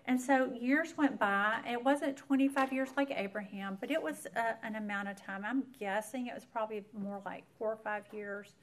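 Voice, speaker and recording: A woman's voice: fairly high pitch, normal speed, hardly any pauses. A woman, earnestly telling a personal faith story to an audience as a Bible teacher. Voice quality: earnest storyteller who speaks straight to the audience. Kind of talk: personal faith testimony talk.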